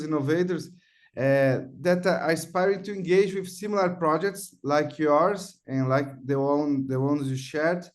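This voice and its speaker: A man's voice: on the high side, darkish tone. A man, a doctor moderating a webinar, asking questions politely with some hesitation.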